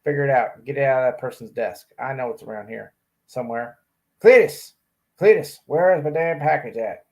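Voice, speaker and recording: A man putting on the voice of a pushy, rowdy man loudly demanding his package at the post office, with a bossy drawl. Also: medium pitch, steady tone, fast, gravelly, close to an everyday voice.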